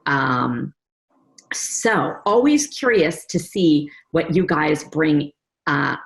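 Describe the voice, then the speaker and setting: A woman's voice: low-pitched, expressive, very slow, creaky. A woman hosting and producing a panel talk show, chatty and upbeat, speaking over a video call. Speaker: host and executive producer.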